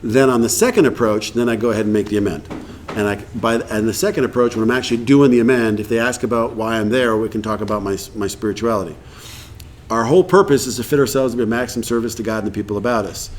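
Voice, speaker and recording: A man's voice: lowish voice, steady tone, fast, slight background noise. A man in his fifties speaking to a recovery meeting, telling his story in a candid, humorous, blunt way. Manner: acts out quoted dialogue. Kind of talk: casual storytelling talk to an audience.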